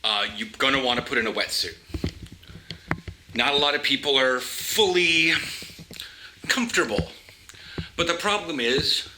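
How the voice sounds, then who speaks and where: A vlogger from the US Pacific Northwest delivers opinionated commentary, halting and restarting his sentences and dropping wry asides. His voice is medium-pitched, and the background is noisy.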